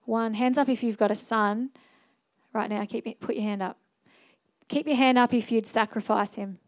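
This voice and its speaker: A young adult woman preaching a sermon in an earnest, conversational way, moving into a quiet prayer and altar call. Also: fairly high pitch, steady tone, moderate pace. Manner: earnest, conversational, fillers and restarts.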